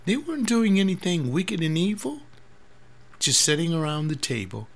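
A man's voice: on the high side, very animated, moderate pace, gravelly. A man in his seventies, a pastor, talking earnestly in a rambling personal monologue, often repeating words. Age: 70s.

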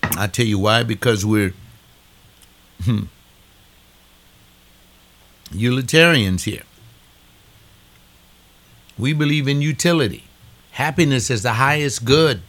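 A man's voice: mid-range voice, takes it slowly, long pauses, a bit bright. An older man delivering a preaching monologue, emphatic, repeating phrases with a rising preacher's cadence.

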